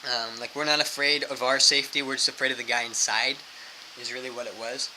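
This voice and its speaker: A man's voice: mid-range voice, fairly quick, a little hiss or hum, poor audio. A young man, a missionary, casually telling a story full of fillers and acting out quotes. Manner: animated, fillers like "like" throughout, acts out quotes.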